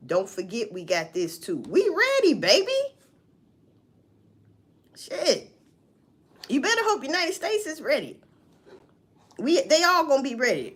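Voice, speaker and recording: A woman vlogger talking through a news story in casual, profane, animated commentary, often answering her own questions. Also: mid-range voice. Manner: profane, animated, talks back to herself.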